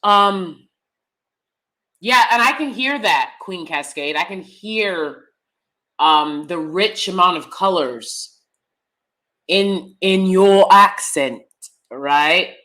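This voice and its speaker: A woman's voice: fairly low pitch, animated, slow pace, pauses often, bright, forceful tone. A woman hosting a live review, an acting teacher who talks to her viewers casually, often repeating words and checking in with "right?".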